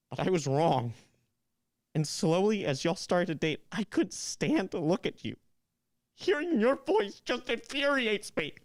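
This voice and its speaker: A young man's voice, jittery and flustered, rising and falling widely in pitch, as an actor reads the part. He plays a lovesick gamer who is resentful toward his friend. It comes from a live reading of a new play. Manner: nervous, flustered, turning bitter and accusing.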